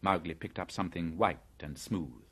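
A man narrating a classic story in an audiobook, with dramatic, measured storytelling. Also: sits low, fairly bright tone, husky. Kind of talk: scripted narration.

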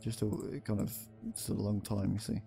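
A man's voice: on the low side, completely flat delivery, brisk, creaky, mellow, soft background music. A man hosting a horror game playthrough, reading notes aloud and yelping and swearing when startled. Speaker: gameplay video host. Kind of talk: horror game let's play commentary.

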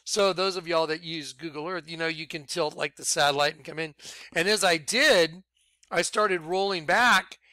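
A man giving an excitable, rambling personal testimony about his ministry, bursting into shouts. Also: on the high side, normal speed, no room sound. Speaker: ministry leader.

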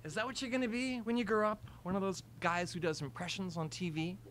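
A woman reading aloud voices a sharp-tongued young college woman, pointed and exasperated. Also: mid-range voice, fairly even intonation, a little fast, slight background noise, pitched above the performer's own voice, close to an everyday voice. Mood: reproachful.

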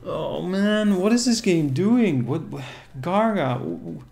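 A man's voice: sits high, lively intonation, slow pace, vocal fry, darkish tone. A man streaming casually, chatting with viewers and reacting to the game as it plays. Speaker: casino streamer. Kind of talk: casual live-stream commentary.

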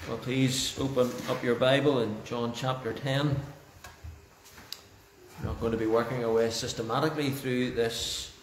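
A male pastor praying and then preaching a sermon in church, slow and deliberate, lingering over key phrases. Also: medium pitch, fairly even intonation, slight background noise. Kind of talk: sermon with opening prayer. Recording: roomy church echo.

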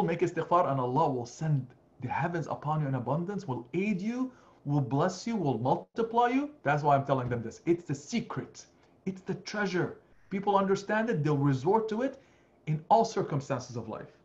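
Male imam, earnest lecturing preacher, slightly high voice, muffled lo-fi recording. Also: moderate pace. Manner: earnest and animated, with many restarts and fillers. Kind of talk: Sunday lecture on scripture. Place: mosque community hall.

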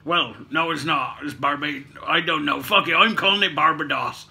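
A man's voice: a little high, moderate pace, vocal fry, pushed and bright. A man with a mixed Cockney and Somerset accent, telling a rambling comic story in character as a puppet-show host, correcting himself and swearing. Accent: mix of Cockney and Somerset. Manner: rambling, self-correcting, swearing, laughing at own jokes.

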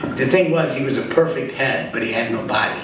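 A man's voice: mid-range voice, fairly quick, a crowd in the background. Older man telling jokes, distant and echoey. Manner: rambling, self-interrupting, laughing at own jokes. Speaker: benefit honoree telling jokes. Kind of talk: stand-up storytelling. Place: small theater stage. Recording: distant mic, loud room ambience, echoey theater.

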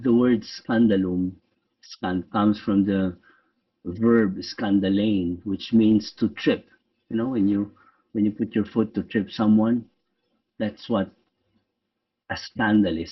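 A man, a priest, leading a guided meditation in a slow, reflective way with frequent pauses. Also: fairly low pitch, husky. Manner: slow, reflective, pausing often. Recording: dull, lo-fi sound from a distant mic.

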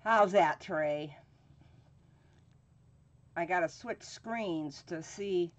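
A woman hosting a live painting stream, talking in an unhurried, drawn-out way. She chats casually, greets viewers by name and fills her pauses with "um" while she works with her hands. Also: lowish voice, lo-fi sound. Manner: slow, drawn-out speech with frequent fillers. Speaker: craft channel host.

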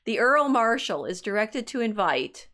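A woman's voice: a little high, very animated, measured pace, fairly bright tone. Teasing American woman chatting on stream. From United States. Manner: playful, teasing, laughs often. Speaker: co-host. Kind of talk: casual livestream chat.

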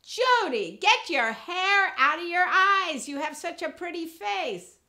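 A woman's voice: very high voice, sing-song, takes it slowly, bright, forceful tone, pitched above the performer's own voice, exaggerated voice. A woman voicing a mother who fondly nags her daughter in a raised, chiding tone. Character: fussing middle-aged mother, nagging fondly.

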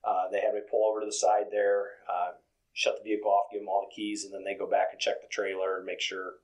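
A truck driver with a low voice talks fast in a casual interview, rambling through his stories with lots of "you know." His manner is loose, relaxed and conversational, though the audio quality is poor.

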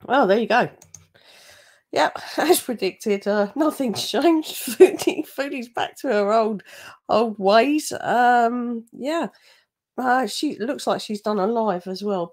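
A woman talking over a clip in her reaction commentary. She is blunt and scornful, chatting loosely with the odd laugh, at a middling pitch for a woman. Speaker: commentary channel host.

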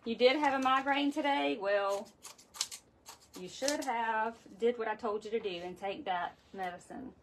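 A talkative woman leads a live wreath-making tutorial from her craft room at home. Her voice sits a little high, and she keeps up a running chat with viewers, greeting them by name while she works. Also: measured pace, slight background noise. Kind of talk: chatty livestream craft tutorial.

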